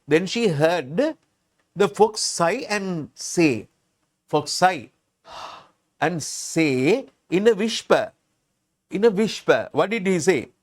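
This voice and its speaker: A man's voice: high voice, lively intonation, takes it slowly, pauses often. A man teaching English, reading a story aloud and patiently explaining words, often repeating and restarting.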